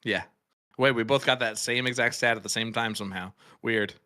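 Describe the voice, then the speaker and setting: A man's voice: medium pitch, fairly even intonation, brisk, bright, forceful tone. A man commentating live darts, calling throws and joking with his co-commentator. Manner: joking, banters with co-host.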